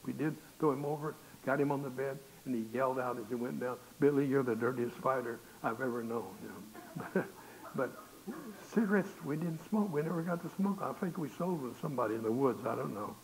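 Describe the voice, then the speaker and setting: A man's voice: medium pitch, a little fast, creaky, rough recording. An older male pastor, telling a folksy storytelling sermon and acting out the voices in his tales. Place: church. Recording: hissy recording with faint noise.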